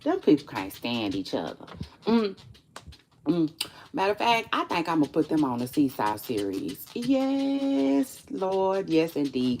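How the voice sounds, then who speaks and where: Animated, slow-talking woman vlogger. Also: deep voice, slight background noise. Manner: animated, profane and chatty, addresses viewers directly. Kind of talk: casual chat to camera.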